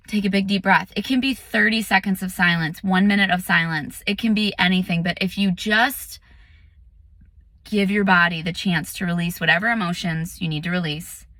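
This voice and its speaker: A woman meditation teacher in a casual vlog, chatty and animated, telling a story with lots of "like" and "um". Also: on the low side, moderate pace, dry recording.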